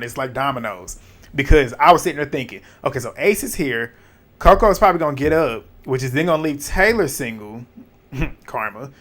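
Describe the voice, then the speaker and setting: A man recapping a reality show episode in casual, animated, profane talk, laughing and acting out his own reactions. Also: medium pitch.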